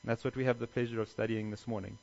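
A man's voice: medium pitch, flat delivery, very fast, creaky, a little mellow, highs cut off. A man preaching a sermon as pastor, earnest, with emphatic stresses and rhetorical questions.

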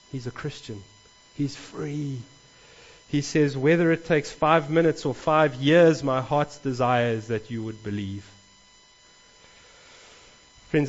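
A man preaching a sermon as pastor, earnest and animated, often rising in emphasis as he speaks. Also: medium pitch, highs cut off.

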